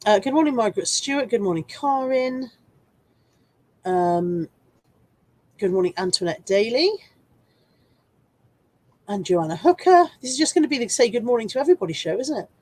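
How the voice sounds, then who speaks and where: A woman's voice: fairly high pitch, lively intonation, normal speed, pauses often, a little mellow, dry recording. A woman hosting a casual live stream while full of a cold, chatting, rambling and poking fun at herself as she greets viewers by name. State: congested with a cold, coughing.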